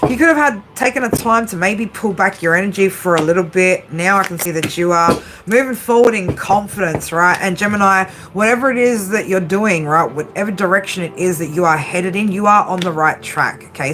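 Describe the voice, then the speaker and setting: A woman's voice: mid-range voice, fairly quick, few pauses. A woman doing a casual tarot reading, tired late at night, chatty, swearing freely and tagging her lines with "right?". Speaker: tarot reader. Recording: steady background noise.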